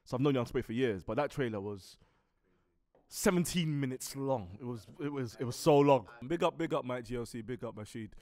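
A man's voice: medium pitch, lively intonation, a little fast, a little mellow. A British man co-hosting a podcast, chatting in a rambling, playful, storytelling way. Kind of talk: casual podcast chat.

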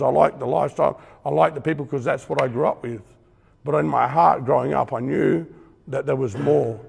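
Middle-aged Australian preacher, earnest and emphatic, husky gravelly voice, long hall reverb. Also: male voice, mid-range voice, a little mellow. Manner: earnest, emphatic, conversational, with acted-out asides. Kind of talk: testimony sermon.

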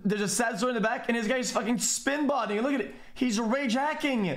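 A young man streaming, reacting to clips with loud, profane, casual commentary full of "dude". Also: very high voice, a little fast.

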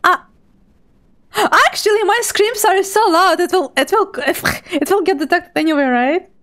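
A woman live streamer chatting casually with her viewers, bubbly, giggly and nervously excited. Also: extremely high pitch, moderate pace. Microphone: streaming microphone.

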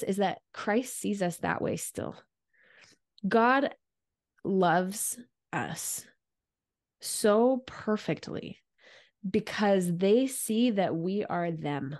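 A woman hosting a faith podcast, who muses earnestly and speaks in bursts of emphasis. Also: medium pitch. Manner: earnest and musing, with frequent restarts and bursts of emphasis. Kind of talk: reflective faith conversation.

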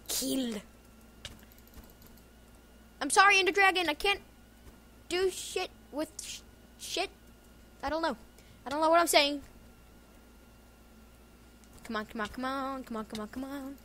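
A woman giving casual gameplay commentary as a video game YouTuber, excitable and jokey, often yelling and laughing at the match. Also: sits high, unhurried, pauses often. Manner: jokey self-talk. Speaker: gaming YouTuber.

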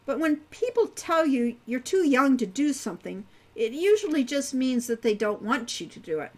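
A woman's voice: high-pitched, big pitch swings, normal speed, pitched above the performer's own voice. A woman voicing an eager teen girl adventurer. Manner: casual, eager questions. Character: curious teenage girl adventurer.

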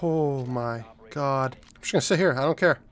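A young man giving live commentary over a shooter game, swearing often and swinging from low mumbling to loud yelling. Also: normal speed. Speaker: gaming YouTuber.

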